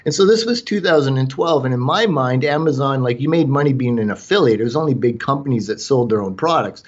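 A man's voice: mid-range voice, expressive, fast, slightly rough. Canadian guy rambling thru his story, kinda muffled lo-fi audio. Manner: talkative, with frequent fillers and restarts. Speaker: guest entrepreneur. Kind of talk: conversational storytelling.

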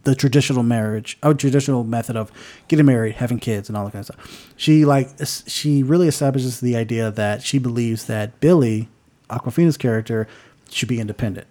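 Male podcast co-host, mid-pitched, loose and rambling, playful voice acting in quotes. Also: a little fast. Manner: animated, acts out quoted lines with big jumps in pitch; lots of restarts and filler words. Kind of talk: casual movie review chat.

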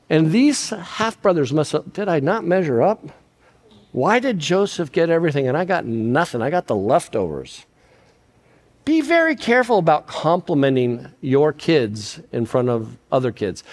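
An older man giving a sermon on parenting, sappy and self-deprecating, moving between loud emphasis and hushed lines. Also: medium pitch. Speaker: guest speaker on parenting.

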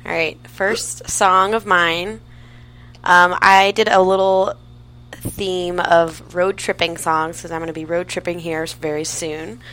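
Teasing low-voiced woman co-host. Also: takes it slowly, low-quality recording. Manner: teasing, deadpan jokes. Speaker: podcast co-host. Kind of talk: casual podcast banter.

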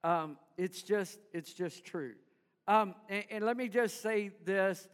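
A man's voice: high-pitched, slow pace, clean tone, long reverb tail. A man preaching a sermon to his congregation in church, calling for responses and having them repeat after him. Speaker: pastor.

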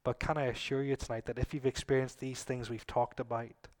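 A middle-aged man preaching a sermon to a congregation, swinging between loud, emphatic lines and soft, low asides. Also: little pitch movement, brisk.

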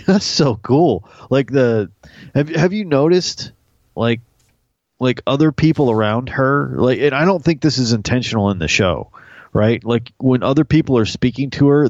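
A man chatting casually about a TV series, animated and crude, joking with his co-host. His voice sits in a middling register. The recording is dry, with a slightly dull, lo-fi sound. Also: mid-range voice, dry recording. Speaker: podcast co-host. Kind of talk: casual TV recap chat.

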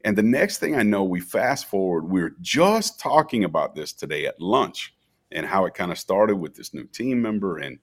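A man's voice: sits low, normal speed. A middle-aged man from Minnesota, a festival founder telling stories as a podcast guest and acting out the dialogue. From Minnesota, USA. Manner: animated storyteller, acts out quoted dialogue. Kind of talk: storytelling interview.

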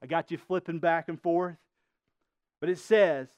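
A man's voice: on the high side, steady tone, measured pace, pauses often, a little mellow, dry recording. A male pastor preaching a sermon, emphatic, quizzing the congregation with rhetorical questions.

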